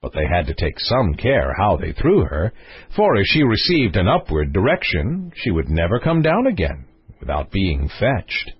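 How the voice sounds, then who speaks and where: Storybook narrator, male, expressive and very lively in pitch, dry and dull lo-fi sound. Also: normal speed, breathy edge, no echo. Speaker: audiobook narrator. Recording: dull lo-fi recording.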